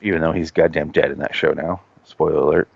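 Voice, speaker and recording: A man hosting a podcast, telling stories in casual chat, animated and full of swearing. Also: extremely low pitch, fast talker, vocal fry, slightly rough, no echo. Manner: profane, animated storyteller. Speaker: podcast host. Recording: dull lo-fi podcast audio.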